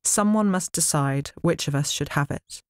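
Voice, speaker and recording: A woman's voice: low voice, moderate pace, darkish tone, no echo, clean studio sound, lightly acted. A woman voicing a scheming, commanding queen of the gods. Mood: imperious. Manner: commanding, snappish.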